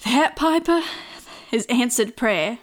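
An actress playing a prim, proper park ranger. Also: female voice, a little high, animated, slow pace.

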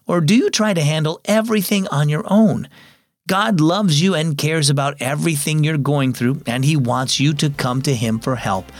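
A man's voice: on the high side, no room sound, studio quality. A young adult man hosting a children's devotional program, reading the scripted story and speaking encouragingly to young listeners. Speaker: host.

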